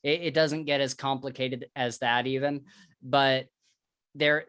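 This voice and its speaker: A podcast co-host chats casually and eagerly about books, leaning on plenty of filler words. His mid-range voice is clear, resonant and fairly bright, with fairly even intonation and a slightly slow pace. The recording is dry, with clean studio sound.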